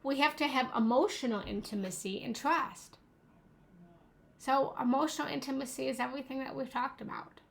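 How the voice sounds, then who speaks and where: A woman's voice: sits high, normal speed, vocal fry, a bit bright. A young adult woman giving a motivational talk as a relationship coach, earnest and emphatic, repeating key phrases.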